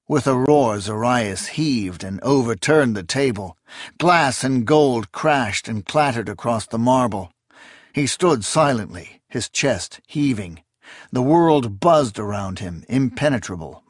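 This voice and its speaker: A man reading a fantasy novel aloud in a measured, expressive style. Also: mid-range voice, no echo, studio quality. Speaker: audiobook narrator. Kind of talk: scripted fantasy narration.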